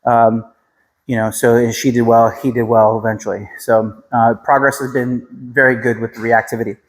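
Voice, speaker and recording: An American man working as a dog trainer, calmly explaining a training session to the dog's owners while giving short commands to the dog. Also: mid-range voice, normal speed. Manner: calm, instructive, repeats short commands to the dog. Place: training room with a dog present. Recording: reverberant room, faint background noise. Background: dog barking and clicks.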